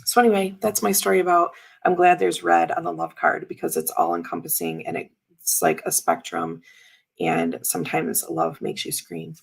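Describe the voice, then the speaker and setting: A woman in her thirties chats loosely as she shows tarot cards to her viewers, rambling and filling gaps with ums and likes. Her voice sits fairly low with a gravelly fry. It sounds husky and a bit breathy. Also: animated, normal speed, rough recording. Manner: chatty and rambling, with many fillers and laughs. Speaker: tarot reader and livestream host. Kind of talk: casual chat while showing tarot cards.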